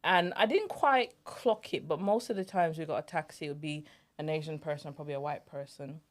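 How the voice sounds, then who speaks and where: Lady in her 40s hosting a podcast, lowish voice, animated storyteller. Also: a little fast. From Jamaica. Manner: animated storyteller, laughs easily. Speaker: podcast host. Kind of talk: casual storytelling chat.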